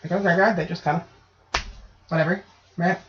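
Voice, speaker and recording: A woman's voice: lowish voice, fairly quick, a little hiss or hum. A woman hosting a casual podcast, ranting and telling stories with plenty of swearing. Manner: profane, ranting, animated storytelling. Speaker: podcast host. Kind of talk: casual chat. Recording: dull lo-fi podcast audio.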